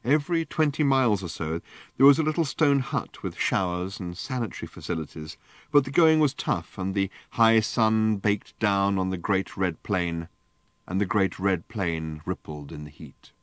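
Male narrator, deep voice, measured storytelling, dry close recording. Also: lively intonation, dry recording. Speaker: audiobook narrator. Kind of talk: scripted narration.

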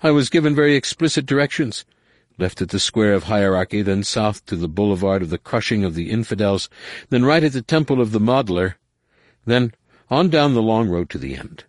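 A man's voice: on the low side, expressive, moderate pace, no room sound, voice pushed up, lightly acted. A groveling male alien spy pleads and wails in a raised, swooping voice, as a male audiobook narrator puts him on. He plays at abject humility, begging pardon over and over. The sound is dry and close. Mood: wailing. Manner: wailing, self-abasing.

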